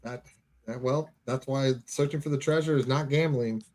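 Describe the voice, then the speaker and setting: A man co-hosting a live call-in show, easygoing and quick to laugh, thanking each caller. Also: medium pitch, steady tone, a little mellow, slight background noise. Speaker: show co-host.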